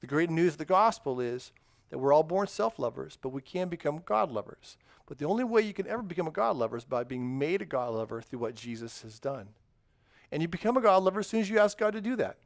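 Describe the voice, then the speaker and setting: A man's voice: a little high, very animated, quick pace, gravelly, no room sound, studio quality. Upbeat man teaching a children's sermon. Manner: upbeat, encouraging, quizzes kids and praises answers. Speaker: children's pastor. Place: church sanctuary.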